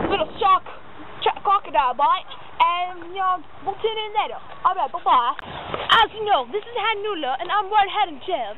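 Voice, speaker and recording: A woman playing a blustery, out-of-breath male wildlife adventurer with a mock Australian accent, outdoors in a spoof adventure show. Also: very high-pitched. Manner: hammy, blustery, shouts in alarm. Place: outdoors in hot weather. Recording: tinny lo-fi home video with noise.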